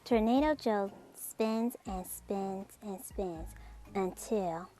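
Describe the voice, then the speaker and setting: A woman reading a children's picture book aloud in an expressive, slow storytelling manner. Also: mid-range voice. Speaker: storybook reader.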